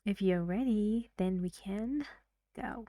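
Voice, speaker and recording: A woman's voice: medium pitch, takes it slowly, mellow, no echo, studio quality. A woman who is a native Persian speaker, teaching English pronunciation in a recorded lesson, explaining carefully and often asking the learner questions.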